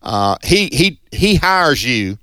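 A man's voice: a little high, sing-song, takes it slowly, pushed and bright, smooth, no echo. Folksy Mississippi-accented radio man. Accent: Southern US, Mississippi. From Northeast Mississippi, USA. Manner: folksy, chatty and upbeat. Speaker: radio co-host. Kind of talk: Christian radio fundraiser chat. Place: radio studio. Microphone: studio microphone.

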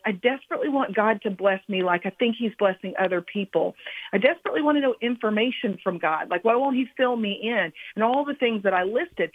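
A woman author giving a reflective, halting personal testimony as a guest on a radio interview. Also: mid-range voice, no echo. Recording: phone line, dry.

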